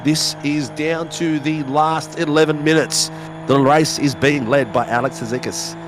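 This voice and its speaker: A man with a croaky voice, giving rambling, jokey live race commentary. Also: fairly high pitch, fairly even intonation, unhurried. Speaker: sim racing commentator. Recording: loud race car engine noise behind.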